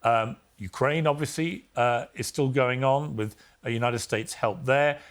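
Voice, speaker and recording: Casting note: middle-aged male talk show host, brisk, cuts in to steer the debate, mid-pitched. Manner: brisk, interrupting. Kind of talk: TV debate hosting.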